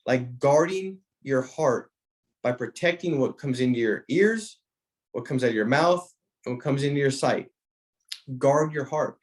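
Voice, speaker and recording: A man giving a motivational talk to sales agents, with an emphatic, preacher-like cadence, repeating phrases and restarting his sentences. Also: a little high. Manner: frequent restarts, speaks directly to a listener by name. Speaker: insurance sales trainer.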